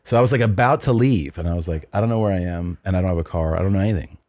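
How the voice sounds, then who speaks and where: A man's voice: deep voice, very fast, a little mellow, dry recording. A middle-aged man hosting a podcast, telling a long rambling anecdote in casual chat, often restarting and adding asides. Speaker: podcast host.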